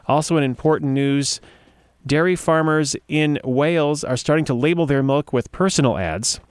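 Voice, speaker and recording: A man's voice: a little high, normal speed, clear, resonant tone, dry recording, studio quality. Chatty man reading news with asides. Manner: chatty, amused asides between read-out passages; stumbles and restarts when reading. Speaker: podcast host. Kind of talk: casual commentary reading news items aloud.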